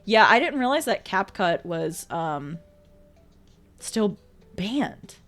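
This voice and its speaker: A woman's voice: medium pitch, sing-song, slow pace, a bit bright, faint music behind. A woman streaming live, chatting casually and reading out viewer messages, exclamatory, swearing freely and laughing often.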